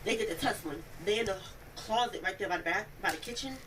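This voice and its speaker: A young woman recounting an incident in an interview, telling it in a rambling, animated way and acting out the quoted speech. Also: mid-range voice, fast. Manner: animated storytelling, acts out quoted speech, many "like" fillers. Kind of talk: rambling first-person account. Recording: distant mic, noisy room audio.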